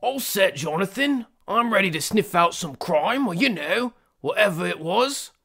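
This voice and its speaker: Gravelly brash sidekick, lively pitch, cartoon. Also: male voice, normal speed, full character voice. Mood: eager. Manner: brash, gruff street talk. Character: rough-talking loyal male sidekick. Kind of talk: animated parody voice acting.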